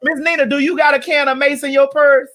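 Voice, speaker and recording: A man hosting a casual live-stream show, talking in a loud, sassy, playful way. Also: very high-pitched, level tone, brisk. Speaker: host.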